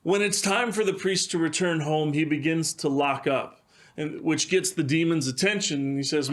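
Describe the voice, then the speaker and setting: Man telling a devotional story. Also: a little high. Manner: measured storyteller with occasional fillers. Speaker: pastor.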